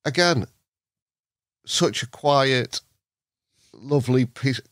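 A man from England telling a story as a podcast guest. He is lively and acts out the other people in the story with short put-on voices. He is recorded on a dry close mic with no room sound. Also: mid-range voice, takes it slowly, no echo. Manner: lively, acts out voices in his stories, laughs often. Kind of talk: anecdotal storytelling.

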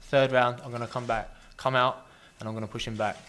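A man, a boxer, trash-talking his opponent at a press conference with mocking, taunting jibes and slow, deliberate threats. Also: mid-range voice, flat delivery, a bit bright.

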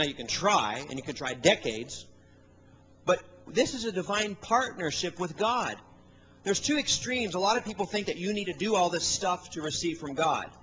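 Man, middle-aged, preacher, high voice, folksy storytelling, faint hiss behind. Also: fairly bright tone, poor audio. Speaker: guest preacher. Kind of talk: sermon. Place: church service.

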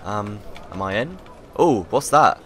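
A man's voice: lowish voice, sing-song, a little slow, a little hiss or hum. A man giving upbeat, joking commentary while playing a game. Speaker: YouTuber. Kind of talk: casual gameplay commentary.

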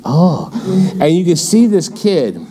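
A man's voice: on the high side, slow, a crowd in the background. A middle-aged man teaching a midweek Bible study as pastor, in a conversational, storytelling way. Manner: conversational, animated storytelling with laughs.

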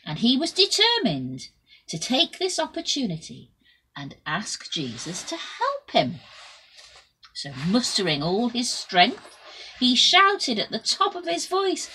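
A woman telling a Bible story to children in an expressive way, shifting between loud and soft. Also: a little high, slow, a little hiss or hum, low-quality recording.

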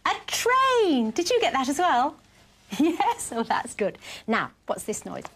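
A woman hosting a children's programme, her fairly high voice swooping up and down as she coaxes and praises little ones. She talks in a bright, playful, teacherly way, gently urging the children to join in. A faint noise sits behind her voice. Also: huge pitch swings, unhurried. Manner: bright, encouraging, sing-song teacher talk to small children. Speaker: children's TV presenter. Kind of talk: children's television presenting.

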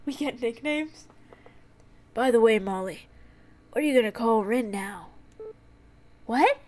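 A young woman live-streaming a farming game, chatty and excitable, often giggling and reacting out loud. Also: a little high, measured pace, pauses often.

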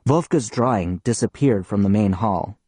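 A man's voice: fairly low pitch, normal speed, mellow, slightly rough, dry recording. A man narrating an audiobook in the first person, with an earnest, schoolboy-like telling. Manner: earnest, reads as a schoolboy telling his story.

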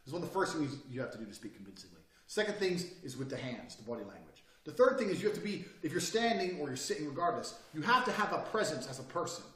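A brash man in his thirties delivers a profane motivational lecture with fierce, lively swings in his voice. His tone sits on the higher side for a man. The sound is roomy, picked up from some distance off the mic. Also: fast, hardly any pauses. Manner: blunt, brash and forceful, swearing freely. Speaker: course instructor.

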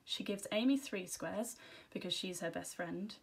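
A woman teacher reads a children's storybook aloud. Her first-person narration is gentle and expressive, and her voice sits at an ordinary middle pitch. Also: unhurried, creaky, husky. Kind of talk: storybook reading.

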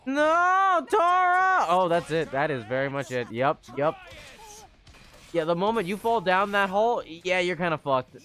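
A young man streaming live gameplay, talking excitably to his viewers, swearing often and yelling at the game. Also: on the high side, normal speed.

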